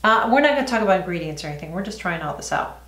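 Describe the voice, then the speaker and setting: A woman's voice: on the low side, lively intonation, very fast, a bit bright. A middle-aged woman chatting casually through a makeup tutorial, talking as she applies products. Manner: chatty, talks while applying makeup. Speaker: beauty vlogger. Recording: echoey room.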